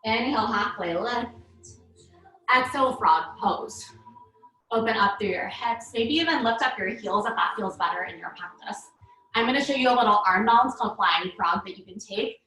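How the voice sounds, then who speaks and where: A woman teaching a live online yoga class, cueing breaths and poses in a calm, paced way while out of breath. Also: mid-range voice, normal speed. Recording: echoey room from far off.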